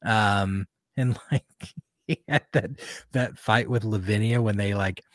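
A man's voice: fairly low pitch, a little slow, no echo, studio quality. A man co-hosting a podcast, chatting casually and rambling with lots of fillers. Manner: animated, rambling, many fillers. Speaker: podcast co-host. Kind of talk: casual chat.

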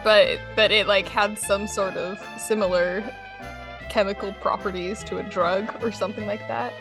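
A young woman co-hosting a podcast, telling stories in a casual, giggly, animated way. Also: mid-range voice, moderate pace, music in the background. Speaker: podcast co-host. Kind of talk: casual chat.

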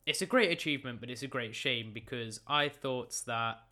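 Brief: young man in his late teens doing a chatty, jokey football results rundown; bright, smooth voice. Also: mid-range voice, moderate pace. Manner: chatty, joking, stumbling over names. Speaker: football recap presenter. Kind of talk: casual football results recap. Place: room at a computer.

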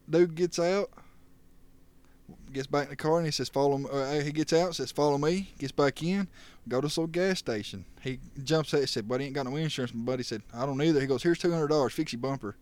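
A man's voice: a little high, a little mellow, dry recording. A young man telling wild stories on a casual podcast, laughing and acting out what people said. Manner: rowdy, laughing storyteller who acts out quotes. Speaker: podcast co-host. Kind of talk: casual storytelling chat.

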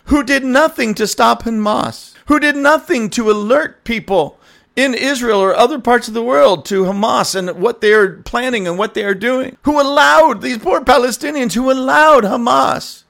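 A man's voice: very high-pitched, moderate pace, gravelly, fairly bright tone, voice pushed up, exaggerated voice. A man voicing a mocking parody of a gullible sympathizer in an exaggerated whiny, pleading tone.

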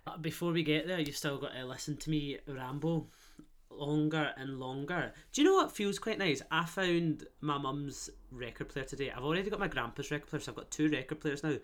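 A man's voice: on the high side, expressive, brisk, few pauses. A man with a Glaswegian accent hosting a casual podcast, rambling on with swearing and self-mocking banter. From Scotland. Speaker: podcast host. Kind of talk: casual solo podcast chat.

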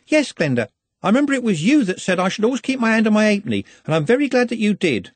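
A man's voice: high-pitched, very animated, quick pace, no echo, pitched above the performer's own voice. A man doing a meek, breathless young woman. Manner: breathless, apologetic, eager.

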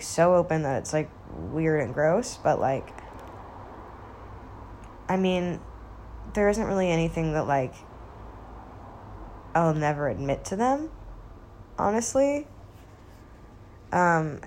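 A woman in her twenties chatting casually as a vlogger, stoned and laid-back, with vocal fry in a rambling, quiet delivery. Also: sits low, a little hiss or hum. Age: 20s. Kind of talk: casual chat.

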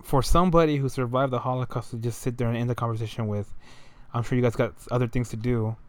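A man's voice: medium pitch, steady tone, fast talker, a little mellow. A young man telling a story in a loose, rambling way, full of slang and fillers. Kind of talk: casual storytelling monologue.

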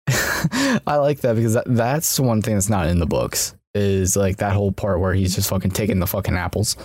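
A man's voice: on the low side, normal speed, a little mellow, no room sound, studio quality. A man on a podcast over a video call, rambling with many fillers and swear words. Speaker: podcast guest. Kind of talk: casual chat.

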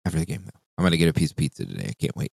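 A man's voice: a bass voice, sing-song, racing, creaky, darkish tone, husky, dry recording. A young man co-hosting a podcast, telling rambling stories, swearing a lot and acting out what people said. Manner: rambling storyteller, swears a lot, acts out quotes. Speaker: podcast co-host. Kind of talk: casual chat.

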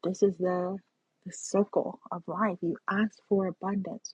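A woman's voice: on the low side, flat delivery, measured pace, husky, no room sound. A woman giving an earnest, spiritual personal monologue, often checking in with "right?" and "you know". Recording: dull lo-fi sound.

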